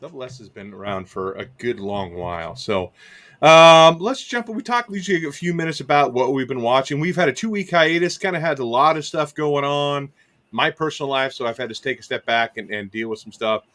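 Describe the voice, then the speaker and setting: A man hosts a casual livestream with an average-pitched voice. He rambles loosely and reads the chat aloud. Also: fairly bright tone. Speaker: podcast host.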